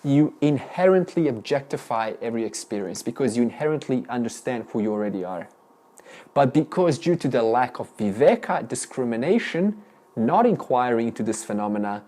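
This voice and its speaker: A man's voice: mid-range voice, warm tone. A man teaching a spiritual class, firing questions at students with frequent restarts. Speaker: Vedanta teacher. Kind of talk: interactive spiritual lesson.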